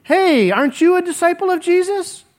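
A man's voice: extremely high pitch, lively intonation, moderate pace, voice pushed up. A preacher putting on a pointed young servant girl. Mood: accusing. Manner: sharp, prodding questions.

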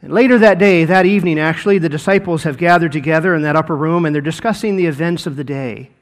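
A man's voice: on the high side, fast, big-room sound. A pastor preaching a sermon in a church, retelling scripture dramatically and repeating words as he goes. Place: church sanctuary.

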